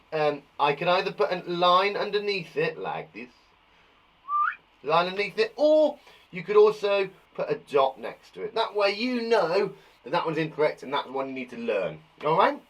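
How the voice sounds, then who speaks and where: A man teaching a spelling lesson to young children, jokey and encouraging as he reads out words. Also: on the high side. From England. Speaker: primary school teacher.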